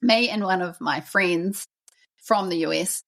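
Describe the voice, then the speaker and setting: A woman's voice: on the low side, a little slow, vocal fry, a bit bright. A middle-aged woman hosting a podcast, telling her own life story in a casual, reflective way. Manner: casual, reflective, uses "like" and "actually" often. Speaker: podcast host.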